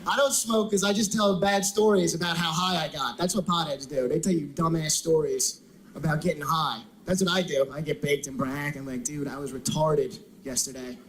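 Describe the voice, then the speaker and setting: High-voiced stand-up man. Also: steady tone, fairly quick, rough recording. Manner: conversational, asks the crowd questions. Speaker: stand-up comedian. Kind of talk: stand-up routine.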